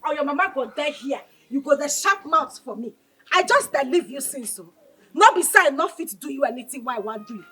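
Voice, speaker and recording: An actress playing a brash, defiant young woman who speaks Nigerian Pidgin in a Nollywood film. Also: fairly quick. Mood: threatening. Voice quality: high, lively, swaggering Pidgin talk.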